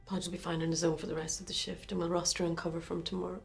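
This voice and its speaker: An actress with an Irish accent playing a brisk, matter-of-fact police officer in a TV crime drama. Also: female voice, on the low side, flat delivery, gravelly, soft background music. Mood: businesslike.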